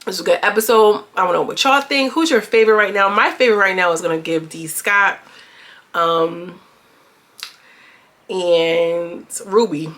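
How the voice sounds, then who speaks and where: A woman's voice: on the low side, normal speed, a bit bright. A woman giving casual, slangy commentary on a reality show and talking straight to her viewers. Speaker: reality TV reviewer.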